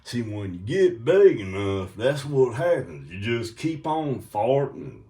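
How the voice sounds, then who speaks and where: A man delivers a rambling comedic monologue at an unhurried pace. His voice rides up and down very freely. He keeps cracking himself up with high, squealing giggles. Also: big pitch swings, warm tone. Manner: breaks into high giggling fits. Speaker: comedic video maker.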